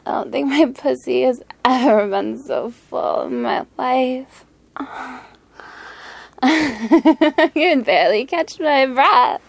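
High-voiced flirty gal teasing her lover, woman acting it, whispered role-play, slow drawl w/ lots of vocal fry. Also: no room sound, full character voice. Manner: breathless, giggly, teasing, slipping into whispers.

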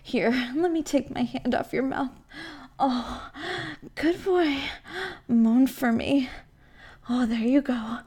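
A woman voicing a possessive, menacing motherly woman in an audio role-play, cooing and breathy. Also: high voice, slow pace, pauses often, mellow, exaggerated voice.

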